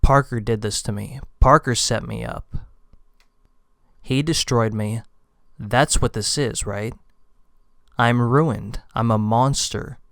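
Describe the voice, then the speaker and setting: A man's voice: medium pitch, slow, creaky, long pauses, fairly bright tone, dry recording, clean studio sound. A man reading the lines of a panicked young man who is turning into a monster, in a frantic, alarmed way. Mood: distraught.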